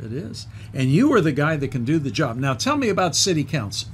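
An older man hosting a TV talk show, chatting casually and jokingly with a guest, with a slightly husky voice and big swings when he tells a story. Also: a little fast, a little hiss or hum. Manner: animated, jokey, big pitch swings when telling stories. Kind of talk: casual TV interview chat. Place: TV studio.

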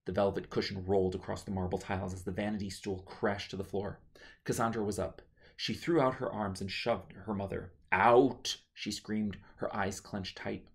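A man reading his own novel aloud as a steady, measured audiobook narration. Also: fairly low pitch, creaky.

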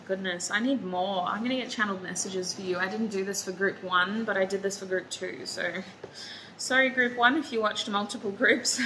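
A woman's voice: mid-range voice, pushed and bright, a little hiss or hum, rough recording. A woman giving a casual tarot reading to her viewers, talking in a chatty, drowsy way and saying she is sleepy and foggy-headed. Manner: chatty, drowsy, talks to viewers as "you guys". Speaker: tarot reader.

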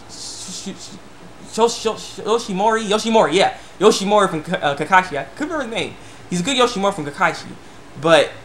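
Rambling high-voiced young man vlogger. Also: slight background noise. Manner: rambling, stammers and restarts, quick bursts of excitement. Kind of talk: casual opinion rant to camera.

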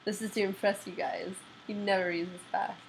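A woman's voice: medium pitch, steady tone, fairly quick, vocal fry, slight background noise, rough recording. A woman, chatting playfully and giggling in a casual vlog. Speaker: vlogger. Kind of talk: casual chat.

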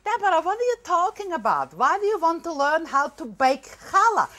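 A woman's voice: extremely high pitch, big pitch swings, moderate pace, bright, forceful tone, heavily acted. A woman on stage voicing a young girl who pleads eagerly with her father. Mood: pleading.

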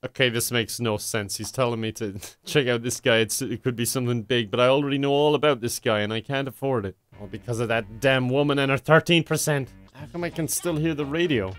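A man's voice: mid-range voice, a little fast, hardly any pauses, fairly bright tone, faint music behind. A young Irish man giving comedic, sarcastic commentary while playing a video game, laughing at what he sees. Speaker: gaming YouTuber.

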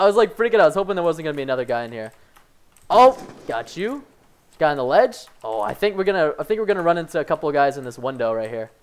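A young man giving excitable live commentary over his own gameplay, swinging between frustration and excited yelps. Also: sits high. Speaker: gaming commentator.

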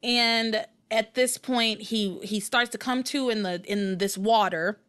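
A woman hosting a podcast recaps and rants in casual chat, animated and exasperated, rambling and restarting often. Her voice is on the high side and a little slow.

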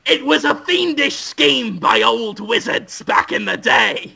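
A podcast host tells a crude improvised comic story, rambling and gleeful. His voice sits unusually high for a man, with a gravelly edge and a bright, sharp tone. He talks slowly. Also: lively intonation.

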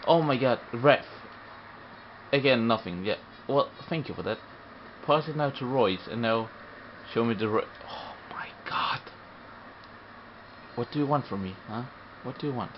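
A young man giving live, excitable gameplay commentary, often frustrated and swearing at the game. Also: medium pitch, normal speed. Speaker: gamer. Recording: muffled recording with faint hum.

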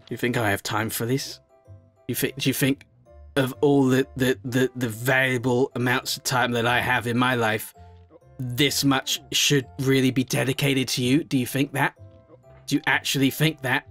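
Male gamer, frustrated rage commentary, loud outbursts to low grumbles, heavy swearing. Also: level tone, normal speed, soft background music. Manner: swearing, scolding himself and his character in frustration; swings between yelling and low muttering. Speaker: gaming YouTuber. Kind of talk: gameplay commentary.

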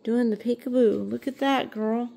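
A woman's voice: a little high, fairly even intonation, moderate pace, vocal fry, mellow. A woman cooing at her pet rabbit in sing-song baby talk, gasping with delight as she shows it toy eggs at home.

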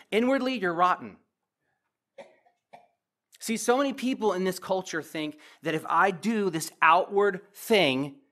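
A man's voice: high-pitched, pushed and bright. A man preaching as a pastor, teaching verse by verse and asking the congregation direct questions.

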